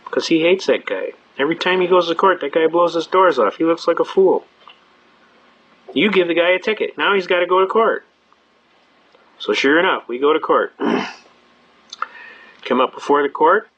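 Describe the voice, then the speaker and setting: A middle-aged man telling a story at a fast clip, acting out the voices of police and a judge in a lively storytelling speech. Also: on the high side. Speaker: speaker telling a courtroom story. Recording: dull lo-fi recording.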